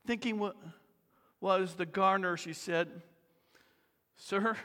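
A man preaching a sermon, slow and deliberate, sometimes dropping to near-whispers for emphasis. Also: high-pitched, fairly even intonation, sharp tone, long reverb tail. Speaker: pastor.

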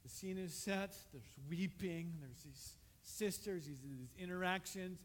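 A male pastor preaching a sermon in a conversational way, asking the congregation questions and rising to loud, emphatic passages. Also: high-pitched, a little slow. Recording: reverberant hall, faint ambience.

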